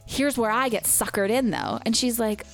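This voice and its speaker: A woman in her thirties co-hosting a podcast, telling family stories in casual chat, quoting people with lively voices and laughing often. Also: a little high, normal speed, creaky, soft background music. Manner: chatty storyteller, animated quoting, laughs often. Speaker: podcast co-host.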